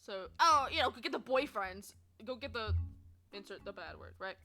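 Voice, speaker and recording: A young woman streamer telling stories to her chat in a chatty, animated way, swearing freely and laughing often. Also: a little high, normal speed, faint music behind. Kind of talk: casual storytelling to chat.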